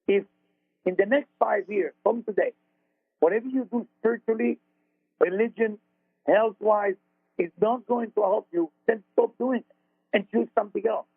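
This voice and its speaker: A man's voice: high-pitched, creaky, husky, no echo. A man with an Israeli accent, hosting a spiritual talk radio show and telling a personal story in an earnest, repetitive, conversational way. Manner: earnest, repeats words, loose grammar. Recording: dry phone-like radio audio.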